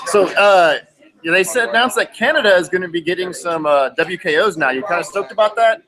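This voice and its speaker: A man's voice: high voice, a little fast, crowd noise, low-quality recording. Easygoing man asking questions. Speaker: guest, fellow podcaster. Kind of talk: casual chat.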